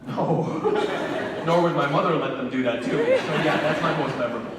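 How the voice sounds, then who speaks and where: A man's voice: a little high, brisk, over a noisy crowd. Playful storytelling man in a hall. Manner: playful, theatrical, acts out the people in his stories. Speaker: convention panel guest. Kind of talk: animated storytelling to a live audience. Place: large convention hall. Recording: echoey hall, mic heard from far off.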